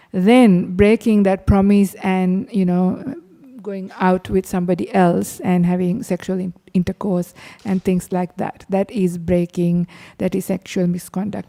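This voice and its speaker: A woman's voice: mid-range voice, warm tone, big-room sound. A woman who is a Buddhist nun teacher, explaining earnestly and asking the audience questions in a workshop.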